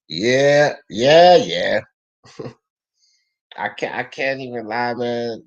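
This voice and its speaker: A young man hosting a casual live boxing talk stream, reading the chat out loud, answering it, and arguing in slang. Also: medium pitch, low-quality recording. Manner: animated, slangy, argues with chat.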